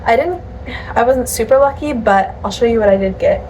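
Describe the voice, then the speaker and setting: A woman's voice: fairly high pitch, a little fast, darkish tone, a little hiss or hum. Chatty young woman vlogging. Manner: chatty, rambling, laughs often. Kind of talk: casual vlog chat.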